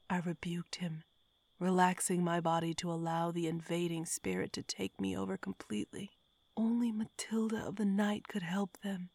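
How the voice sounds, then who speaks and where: A woman reads a horror story in a hushed, whispery way. Her voice sits fairly low, and the recording is close and dry. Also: level tone, normal speed, no echo. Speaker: narrator.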